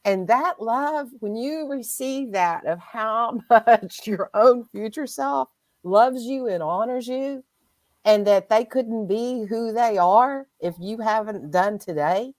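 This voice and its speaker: A woman hosting a casual spiritual chat, speaking in a gentle, reflective and heartfelt way. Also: on the high side, slow pace, no echo. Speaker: host.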